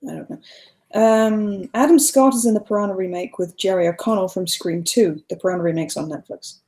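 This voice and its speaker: A woman's voice: mid-range voice, brisk, dark tone. A woman with an English accent co-hosting a casual movie chat, reading out questions in a dry, wry manner. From England.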